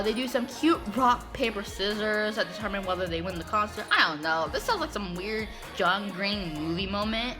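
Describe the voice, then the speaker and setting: A sarcastic woman recaps a story in chatty, rambling commentary, dropping "like" everywhere. Her pitch sits in an ordinary middle range. Clear background music plays behind her. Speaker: comic recap host.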